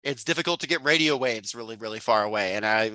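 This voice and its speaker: Talking books on a relaxed podcast he co-hosts, this man works through his thoughts in a meandering way, often restarting and using fillers. He speaks quickly in a fairly low, bright, forward voice. The audio is close and dry, without any room ambience.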